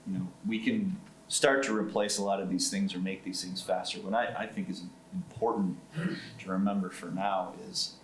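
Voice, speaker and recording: A male home builder on a casual panel, with a very low voice. He talks haltingly and repeats words as he finds his way. The sound is roomy and echoey, with a faint hum behind it. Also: steady tone.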